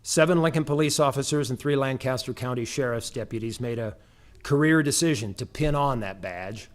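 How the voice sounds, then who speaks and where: A man's voice: mid-range voice, brisk. Solemn man reading names. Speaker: master of ceremonies. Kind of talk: formal ceremony address.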